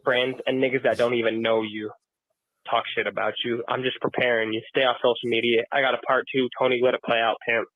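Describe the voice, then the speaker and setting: A man's voice: mid-range voice, level tone, brisk, no room sound. A man co-hosting a sports podcast, ranting and swearing in exasperation about his team. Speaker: podcast co-host. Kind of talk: heated sports reaction rant. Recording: dry tinny phone-like audio.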